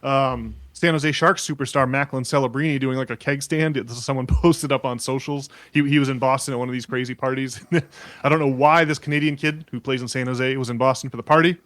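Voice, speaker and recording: A man's voice: medium pitch, steady tone, fairly quick, a bit bright, dry recording. Rambling man on a casual podcast. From New England. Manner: rambling, with many fillers and restarts. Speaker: podcast co-host.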